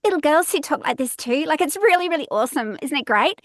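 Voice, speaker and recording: A woman voicing an excitable little girl, gushing and bubbly, in a padded home booth. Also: sits high, fast talker, no room sound, studio quality, voice pushed up.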